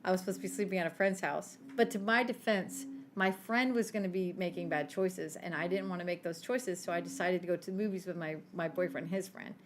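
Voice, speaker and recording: A middle-aged woman co-hosting a podcast, telling lively family stories in casual chat and laughing often. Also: on the low side, fast talker, noisy background. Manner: animated storyteller, laughs often. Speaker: podcast co-host.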